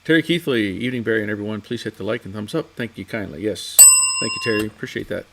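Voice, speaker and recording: A man's voice: on the low side, fast, creaky, very noisy. A man hosting a casual garage livestream, rambling through a story and reading out viewer comments in his home workshop. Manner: rambling, chatty storyteller with frequent restarts. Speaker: livestream host of a classic car garage show.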